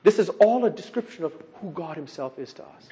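A middle-aged man preaching a sermon, emphatic, swinging from loud declarations to quiet asides and asking repeated rhetorical questions. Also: a little high, animated, a little fast, rough recording. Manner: emphatic, rising and dropping sharply in loudness, with repeated rhetorical questions.

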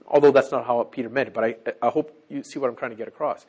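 A man preaching a sermon in an animated way, who keeps checking in with his listeners. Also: mid-range voice, rapid-fire, hardly any pauses, husky.

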